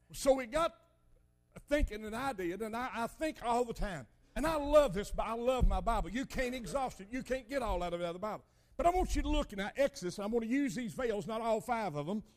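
Older male preacher, high voice, folksy and emphatic storyteller. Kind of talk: sermon.

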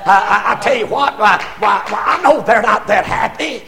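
An older man preaching a sermon, impassioned and often rising to shouts, with stammered repetitions as he builds. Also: high-pitched, expressive, normal speed, creaky, hardly any pauses, soft background music.

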